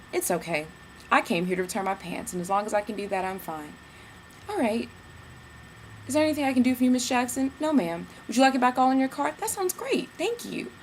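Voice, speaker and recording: A young woman from Georgia, telling a story in a casual vlog rant, animated and sassy, slipping into mimicked asides. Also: fairly high pitch, brisk, background noise. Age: young adult. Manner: animated, mimics people in asides, sassy slang, bursts of cackling laughter. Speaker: vlogger.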